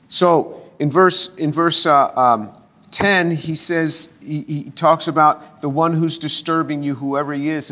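A man's voice: on the high side, fairly bright tone. An older man teaching a verse-by-verse sermon, often stumbling and repeating words, with long scripture readings. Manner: reads scripture aloud in long passages. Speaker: pastor.

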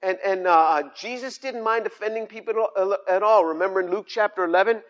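An older man preaching with a high, lifted voice. He presses each point hard, repeating phrases and stumbling into restarts. The sound is slightly dull and lo-fi. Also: brisk. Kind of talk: sermon on scripture.

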